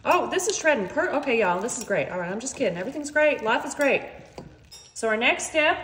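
A woman chatting playfully through a home cooking demonstration, talking to viewers as y'all. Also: high voice. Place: home kitchen. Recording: echoey kitchen with faint noise.

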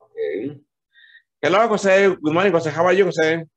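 Here a husky-voiced man gives an English lesson online via video call. His explanations come slowly and patiently, full of repetition and repeated "okay?", with switches into Spanish, all delivered at a lively pitch.

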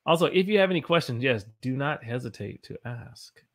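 A man's voice: mid-range voice, expressive, a little fast. Playful American man teaching on a livestream. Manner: playful, jokey, laughs often; reads viewer comments aloud. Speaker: English teacher. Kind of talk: casual livestream lesson. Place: home room.

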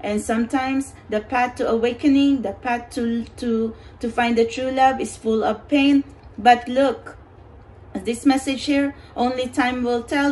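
A woman reads tarot in an earnest, reassuring voice that sits fairly high. She keeps checking in with the listener, slipping in "you know" and "okay". A faint background noise hums under her voice. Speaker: tarot card reader. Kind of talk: pick-a-card spiritual reading.

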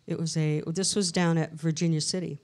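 A woman with a somewhat low voice talks as a guest on a live podcast. She tells her stories in a lively, chatty way, often acting out the voices of the people she quotes. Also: a little fast. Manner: animated storyteller, acts out quoted voices. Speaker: interview guest, researcher. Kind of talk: casual storytelling interview. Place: live event in a castle venue.

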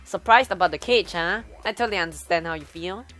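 A woman's voice: on the low side, fast talker, a bit bright, faint music behind, natural voice. A woman voicing playful little robot bear cubs in a bouncy, teasing way while reading a game aloud.

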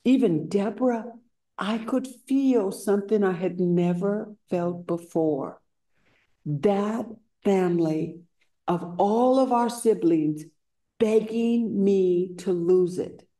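Woman meditation teacher, dharma talk at a retreat center, slow and story-led, mid-range voice. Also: medium pitch, dark tone. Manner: unhurried storytelling, acting out quoted voices.

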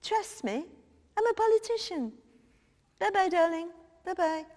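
A woman's voice: very high-pitched, expressive, a little slow, darkish tone. A woman playing a brash, cheeky minister. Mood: breezy. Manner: blunt and swearing, breezy phone chatter. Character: brash, cheeky middle-aged female cabinet minister. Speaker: comedian. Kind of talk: comic phone-call sketch. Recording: long hall reverb.

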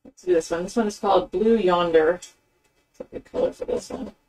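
A woman's voice: lowish voice, normal speed, a little mellow, recorded from a distance, slight background noise, rough recording. A woman giving a casual craft tutorial, chatting her way through the steps with plenty of ums as she works with her hands. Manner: chatty, rambling with fillers, narrating her hands-on work. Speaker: craft demonstrator. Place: craft table indoors.

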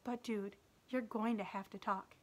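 A woman voicing a bored but loyal schoolboy who talks in a flat, offhand way, in a read-aloud story. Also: medium pitch, measured pace, natural voice.

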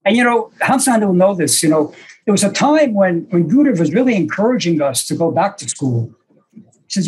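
Older man, senior disciple, husky and slightly high, hesitant storyteller on a video call. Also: sing-song, fairly quick, darkish tone, low-quality recording. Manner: reflective, self-deprecating, hesitant with fillers. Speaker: senior disciple telling stories. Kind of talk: storytelling to a small online group.

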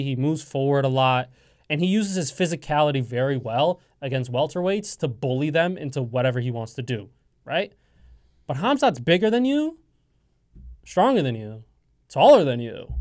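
A man co-hosting a college radio sports show, talking in a casual, joking and opinionated way, making firm predictions. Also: a little high. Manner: animated, joking, speaks in absolutes. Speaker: co-host.

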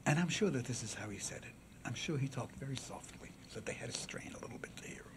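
A man giving a public lecture at a symposium, with dramatic swings from loud declaiming to a near-whisper, and asides to the audience. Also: medium pitch, expressive, quick pace. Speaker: symposium speaker.

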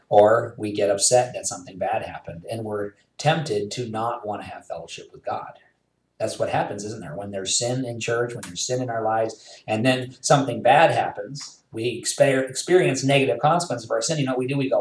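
A man's voice: mid-range voice, normal speed, recorded from a distance. Storytelling male pastor, roomy sound. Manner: storytelling preacher, animated retelling with quoted asides. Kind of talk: sermon. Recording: roomy sound, voice a bit off-mic.

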